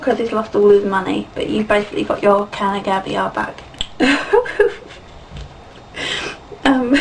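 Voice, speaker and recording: A woman's voice: medium pitch, slow pace, gravelly, long pauses, recorded from a distance, a little hiss or hum, low-quality recording. Giggly woman reviewing a game. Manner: chatty and giggly, many fillers and laughs. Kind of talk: casual spoken game review.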